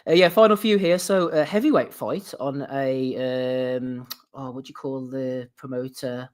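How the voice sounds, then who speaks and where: A man's voice: medium pitch, fairly even intonation, a little slow, clean tone. A man hosting a boxing podcast, laughing often and moving the talk between clips. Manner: laughs a lot, steers between topics. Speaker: podcast host.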